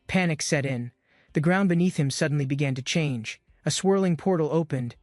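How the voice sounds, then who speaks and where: A man's voice: a little high, moderate pace, dry recording, clean studio sound, soft background music. A man giving scripted, dramatic narration of a comic-book recap.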